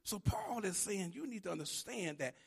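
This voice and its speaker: A male preacher delivering a sermon, swinging between hushed teaching and shouted, emphatic preaching with repeated phrases. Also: high-pitched, sing-song, moderate pace, creaky, husky.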